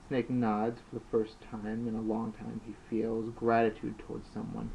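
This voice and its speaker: This lowish, darkish, creaky voice belongs to a man narrating his own story amateur-audiobook style, monotone at a moderate pace with few pauses. He reads plainly and slips now and then, and faint hiss runs under the dull lo-fi sound.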